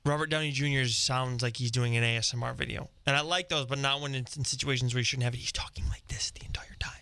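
A man co-hosting a podcast, skeptical and teasing about the movie news. His voice is bright and forceful, and the sound is dry and close. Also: mid-range voice, steady tone, quick pace, creaky, clean tone, dry recording. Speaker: podcast co-host. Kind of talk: casual chat.

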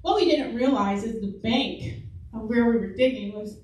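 At a church service, a middle-aged woman tells stories in a chatty sermon, frequently breaking into laughter. Her voice sits fairly high and a little mellow, at a moderate pace, picked up by a distant mic in an echoey hall.

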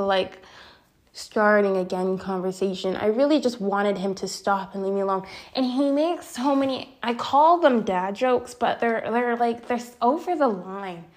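A woman in her twenties telling a personal story to her viewers, venting with frequent swearing and filler words. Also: mid-range voice. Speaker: storytime vlogger.

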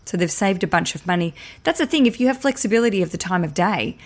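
A woman hosting a podcast, talking in a chatty, animated way and getting worked up and ranty. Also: lowish voice, quick pace. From Australia. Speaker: podcast host. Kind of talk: casual solo podcast talk.

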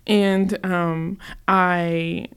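A woman's voice: lowish voice, little pitch movement, very slow, smooth. A woman who owns a bakery, telling stories as a guest in a casual chat, laughing often. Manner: chatty storyteller, laughs often. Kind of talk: casual conversation.

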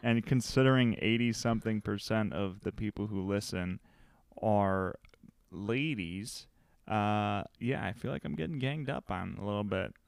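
Loud, matter-of-fact man on a podcast. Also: on the low side, unhurried, creaky, smooth, dry recording, clean studio sound. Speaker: podcast co-host. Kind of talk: casual chat.

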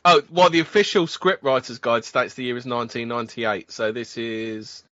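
A man co-hosting a casual podcast, chatty and quick to joke and laugh. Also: medium pitch, steady tone, fairly bright tone, no echo. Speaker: podcast co-host. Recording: dull dry lo-fi mic.

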